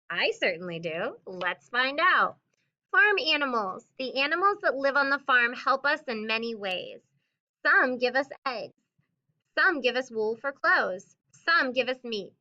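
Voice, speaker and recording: A woman teacher reading a picture book aloud to children with expressive storybook delivery, then talking through the lesson. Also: on the high side, unhurried, dull audio.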